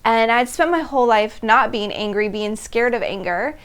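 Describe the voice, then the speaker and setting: Animated woman telling her own story. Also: on the high side, normal speed, smooth. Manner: animated, laughing between phrases, acting out her own past reactions. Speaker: host. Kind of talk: personal storytelling monologue.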